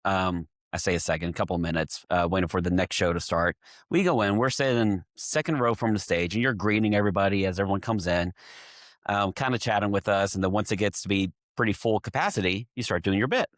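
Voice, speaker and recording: Man from texas, winemaker guest, lowish voice, steady detailed storytelling, dry close sound. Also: fast talker, no room sound. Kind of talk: casual chat.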